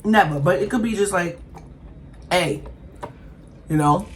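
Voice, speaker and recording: Animated woman vlogger with a low voice. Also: brisk, poor audio. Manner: animated, talks straight to viewers, emphatic. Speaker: mukbang host. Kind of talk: casual chat while eating. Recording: faint background noise.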